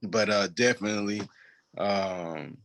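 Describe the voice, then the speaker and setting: Slow-talking tipsy man with hiccups. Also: on the low side, fairly bright tone. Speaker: podcast co-host. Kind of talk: casual chat.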